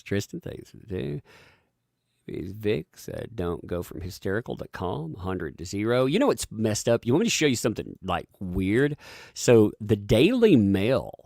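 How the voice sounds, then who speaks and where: Low-voiced sarcastic live-stream host. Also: male voice, vocal fry, darkish tone, dry recording, clean studio sound. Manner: chatty, sarcastic, laughs often. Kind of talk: live-stream commentary reading donations.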